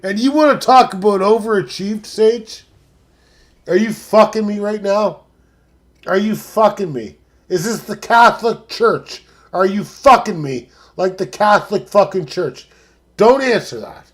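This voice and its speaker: Profane, excitable live-stream host man. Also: high-pitched, unhurried. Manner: profane, swings from mumbling to excited shouting. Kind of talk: casual live-stream commentary.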